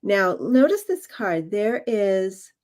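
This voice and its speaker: A woman co-hosting a spiritual livestream and reading cards in casual chat over a video call, laughing easily and talking in halting phrases. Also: mid-range voice, sing-song, a little mellow. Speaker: co-host and card reader.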